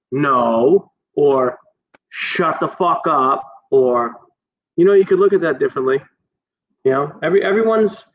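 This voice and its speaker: A man's voice: on the high side, fairly bright tone, husky. Rambling man, slightly dull recording. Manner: laid-back, rambling, swears casually. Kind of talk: casual chat. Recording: slightly dull sound with faint noise.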